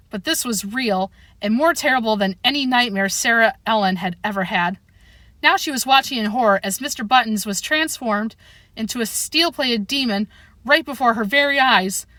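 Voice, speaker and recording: A woman reading a children's chapter book aloud as narrator, in a steady read-aloud manner. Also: on the high side, normal speed, dry recording. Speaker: audiobook reader. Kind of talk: storybook narration.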